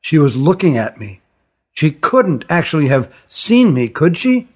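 A shaken young lad from a fantasy storybook, played by a male narrator. His voice sits somewhat higher than a grown man's, and he speaks tensely and defensively. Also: sing-song, a little slow, a little mellow, slightly rough, heavily acted. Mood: worried.

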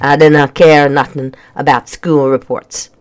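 A storybook reader voicing a small, grumpy bearded hermit with a Scottish accent and a deep, grumbling voice. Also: level tone, a little slow, lightly acted. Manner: gruff, curt, unwelcoming. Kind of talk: storybook reading.

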